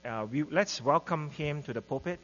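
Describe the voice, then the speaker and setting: A man's voice: on the high side, moderate pace. A man introducing a guest preacher at a church service, hesitant with many fillers. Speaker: church member introducing the speaker. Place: church sanctuary. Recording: dull recording in reverberant hall with hum.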